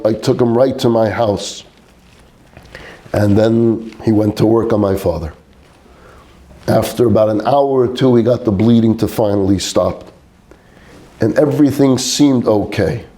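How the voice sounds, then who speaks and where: A man's voice: medium pitch, dark tone. A man, a rabbi, telling a personal story earnestly in a sermon.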